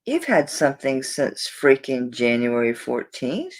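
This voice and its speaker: A woman's voice: rumbling low, wildly swooping pitch, measured pace. A woman selling jewelry on a live stream, chatting to viewers in a flustered, rambling way while she searches through orders.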